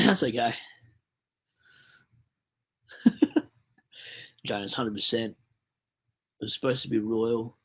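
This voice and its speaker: A young Australian man talks on a livestream, loose and rambling, his voice sitting at an ordinary middle pitch. He reads viewer messages aloud and answers them as he goes. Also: steady tone, a little slow, a bit bright, breathy edge. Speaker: livestream host. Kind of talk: casual livestream chat.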